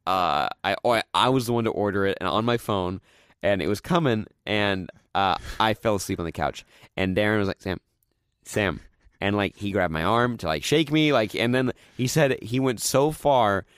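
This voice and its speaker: A man's voice: lowish voice, normal speed, fairly bright tone, smooth, dry recording, clean studio sound. A young man hosting a casual podcast, telling a rambling story full of "like" and acting out his own quotes. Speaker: podcast host.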